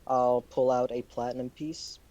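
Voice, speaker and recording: A man's voice: mid-range voice, flat delivery, moderate pace, warm tone, dull audio. A man playing in a tabletop game, coaxing and bargaining, sometimes in broken in-character phrasing.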